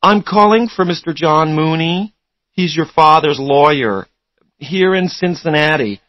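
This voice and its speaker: A polite young woman caller on the phone, formal and apologetic, as a male narrator puts her on. The voice sits raised above his own, and the story is read at an unhurried pace in a dry, close sound. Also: a little high, no room sound, muffled recording, voice pushed up, lightly acted.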